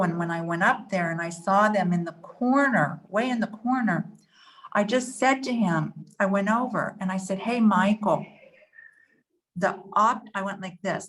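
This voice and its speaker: A woman at a church forum sharing a personal story, earnest and shaken, pausing often with fillers. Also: medium pitch.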